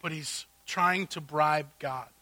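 A male pastor preaching with a high, brilliant voice that cuts through clearly. He takes his time, moving at an unhurried pace between loud bursts of feeling and quiet, pointed remarks. The sound is dry and close, with no room around it. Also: no echo. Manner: animated preaching, loud bursts and hushed asides. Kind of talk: sermon.

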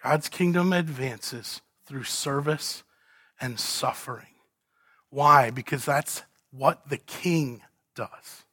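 A man preaching an expository sermon, asking rhetorical questions and swinging between loud emphasis and hushed lines. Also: mid-range voice, takes it slowly, breathy edge, no echo, clean studio sound. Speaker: pastor.

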